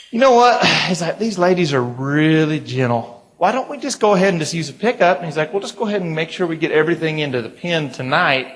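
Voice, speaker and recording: A young man from the United States speaking at a conference, telling a funny farm story with lively, acted-out voices for his family. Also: fairly high pitch, low-quality recording. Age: young adult. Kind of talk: humorous storytelling to an audience.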